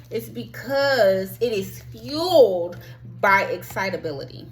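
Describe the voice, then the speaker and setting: A woman's voice: sits high, fairly bright tone, poor audio. A woman hosting a spiritual self-help talk, preaching emphatically with frequent swearing and sudden outbursts.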